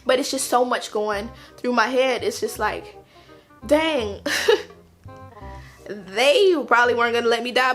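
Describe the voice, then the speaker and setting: Animated woman telling a storytime. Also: on the high side, moderate pace, faint music behind. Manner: animated, emphatic repetition. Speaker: vlogger. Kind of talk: casual storytime.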